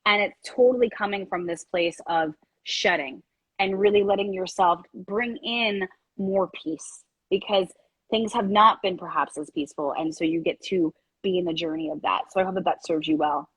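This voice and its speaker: A woman hosting a live-stream card reading, speaking in a gentle, rambling way with many fillers. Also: on the low side, moderate pace, breathy edge, no room sound, rough recording. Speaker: card reader and reiki host.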